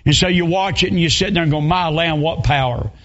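Southern revival preacher, male, high voice, emotional storyteller who breaks into shouts, slightly muffled recording. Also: brisk. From North Carolina. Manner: emotional, rising to shouts in retold scenes. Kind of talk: sermon storytelling.

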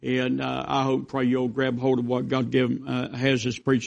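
A man preaches a revival sermon, rambling through stories in a folksy way. His voice has a rough, gravelly edge and stays fairly level in pitch. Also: completely flat delivery, moderate pace, few pauses. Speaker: visiting preacher.

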